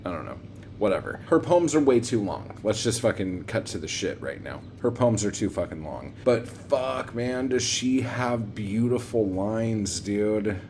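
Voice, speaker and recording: A man's voice: fairly low pitch, expressive, measured pace, a little mellow, a little hiss or hum. A man hosting a watchalong, giving casual reaction commentary in a blunt, profane, rambling way full of fillers. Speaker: watchalong host.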